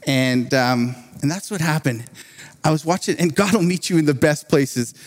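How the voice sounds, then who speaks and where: A man preaching a sermon, telling a personal story in an animated way, often laughing between phrases. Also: fairly high pitch, moderate pace.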